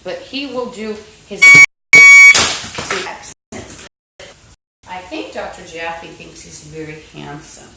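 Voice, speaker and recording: Gravelly woman rambling on a livestream. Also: on the low side, expressive, slow, long pauses. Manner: agitated, rambling, swears often. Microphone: phone. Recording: roomy echo, faint background hum.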